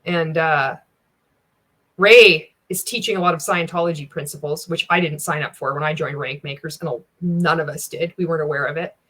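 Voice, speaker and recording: A woman's voice: low-pitched, brisk, a bit bright. A woman giving casual reaction commentary as a former insider, blunt and sarcastic, swearing freely. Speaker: anti-MLM reaction commentator.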